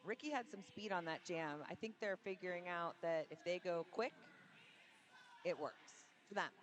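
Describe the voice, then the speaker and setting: A woman's voice: on the low side, moderate pace. A woman doing live, chatty play-by-play of a roller derby game from an arena, joking with her co-host on a headset mic. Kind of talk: live sports commentary.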